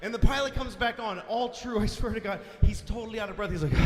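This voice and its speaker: A man doing stand-up comedy, telling a story in a profane, exasperated way that swings into shouting, recorded live in a big reverberant hall. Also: sits high, noisy background.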